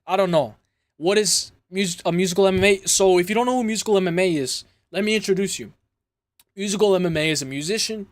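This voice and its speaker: A young man from Toronto hosting a casual livestream, rambling through chat comments with hype shout-outs and lots of fillers. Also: high voice, no room sound. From Toronto, Canada. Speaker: livestream host.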